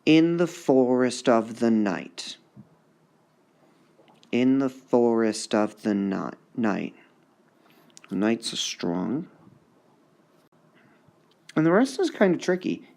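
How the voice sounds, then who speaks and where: A male high school English teacher giving a recorded lesson on poetic meter, repeating words to sound out their stresses. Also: big pitch swings, extremely slow, vocal fry, pauses often, darkish tone. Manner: sounds out syllables to mark the stresses.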